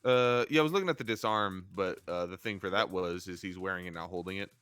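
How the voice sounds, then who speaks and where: Low-voiced man thinking aloud over rules. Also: quick pace, fairly bright tone, smooth, no room sound, soft background music. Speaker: player. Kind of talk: tabletop game chat.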